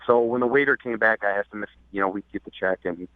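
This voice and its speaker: Male caller over a thin, dry phone line, halting storyteller. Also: fairly low pitch, dry recording. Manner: hesitant, many restarts and fillers. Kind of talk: telling a story on a call-in show.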